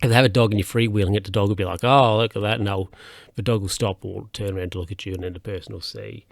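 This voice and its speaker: A man's voice: on the low side, steady tone, racing, vocal fry, dry recording, clean studio sound. A man hosting a solo podcast, telling stories in a rambling, hesitant way with lots of fillers and restarts. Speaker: podcast host.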